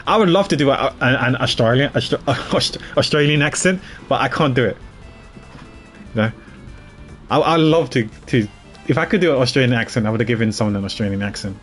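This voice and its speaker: A man's voice: mid-range voice, expressive, a little fast, a bit bright, faint music behind. A man chatting casually while streaming a game, laughing easily. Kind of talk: casual gameplay commentary.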